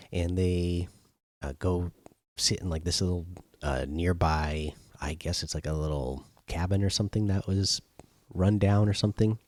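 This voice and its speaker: A man's voice: low-pitched, darkish tone, no room sound. A man hosting a show, retelling an episode casually with many fillers and restarts. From not British. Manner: loose, filler-heavy retelling. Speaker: host. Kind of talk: casual spoken recap.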